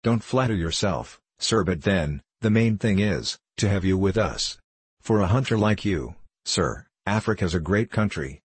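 A cheerful, devoted young manservant, as a narrator puts him on, earnest and eager in every word. The voice is low and a little husky, recorded close and dry for a storybook reading. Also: male voice, expressive, measured pace, no room sound, exaggerated voice. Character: cheerful loyal young male servant.

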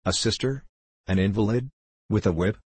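A man reading a fretful older gentleman. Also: low voice, normal speed, husky, no room sound. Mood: alarmed. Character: nervous, genteel older gentleman, easily alarmed.

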